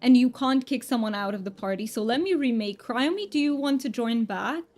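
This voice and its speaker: Chatty woman streamer, light high voice. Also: brisk, darkish tone. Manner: chatty, thanks viewers often. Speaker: game streamer. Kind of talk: casual live-stream chat. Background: faint background music.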